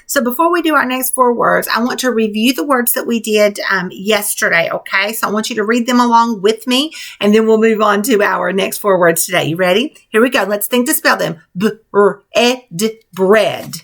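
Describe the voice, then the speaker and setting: A woman teacher leading a spelling lesson for young children, spelling words out letter by letter in a slow, clear, encouraging way. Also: mid-range voice, fairly bright tone.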